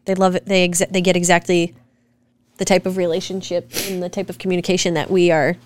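A woman co-hosting a casual chat with her husband, talking in an animated, direct and profane way as she argues her point. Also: fairly low pitch, fast talker. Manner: animated, direct and profane, rants with rising emphasis. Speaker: co-host, wife. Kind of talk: casual podcast chat reacting to comments.

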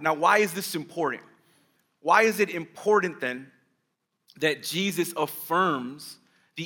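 Guy preaching a sermon, kinda high bright forceful voice, keeps asking the crowd questions. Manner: explanatory, asks the congregation rhetorical questions. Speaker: pastor.

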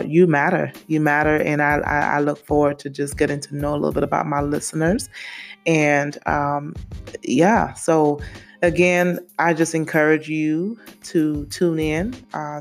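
Earnest Saint Lucian woman hosting a faith podcast, even-toned with a gravelly edge, repeats herself for emphasis. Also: low-pitched. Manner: earnest, repeats phrases, addresses listeners directly. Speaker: podcast host and therapist. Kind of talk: casual faith podcast monologue.

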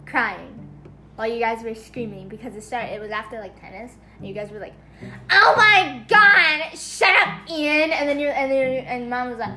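High-voiced woman rambling, music behind. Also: sharp tone. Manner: rambling, acts out quoted voices. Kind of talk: casual family devotional talk. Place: home.

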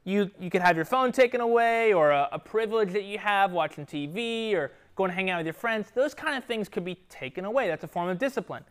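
A man's voice: sits high, expressive, brisk, hardly any pauses, clean tone. A man with young children, teaching an interactive Bible lesson to a youth group and often checking in with "right?" and "okay?". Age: adult with children.

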